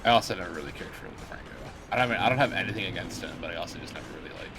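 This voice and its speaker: A man's voice: deep voice, animated, rapid-fire, over music. A man chatting casually while streaming a game, rambling and joking with lots of filler words. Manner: rambling, jokey, filler-heavy. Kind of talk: casual chat while gaming.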